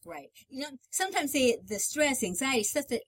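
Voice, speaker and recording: A woman co-hosting a relationship advice talk, an animated storyteller who jumps in to finish her partner's points. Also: sits high, a little fast, breathy edge. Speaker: co-host. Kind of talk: conversational relationship advice show.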